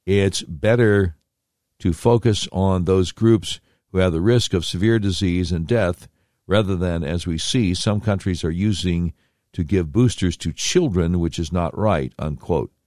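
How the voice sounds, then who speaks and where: Low-voiced sarcastic podcast host, man. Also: a little slow, a little mellow, no echo, clean studio sound. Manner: sarcastic, rambling, slangy. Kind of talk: opinionated podcast commentary.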